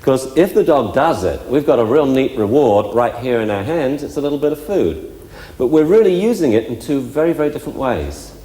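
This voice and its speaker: A man's voice: mid-range voice, animated, a little fast, dark tone. A man working as a dog trainer, explaining step by step in a chatty way during a live demonstration with several dogs. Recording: echoey hall with faint ambience.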